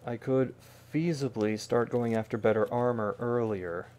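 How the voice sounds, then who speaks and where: A man in the middle range of pitch talks his way through a video game stream. He mutters to himself with a wry edge and drops joking asides as he plays. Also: fairly even intonation, moderate pace, darkish tone. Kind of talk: casual gameplay commentary.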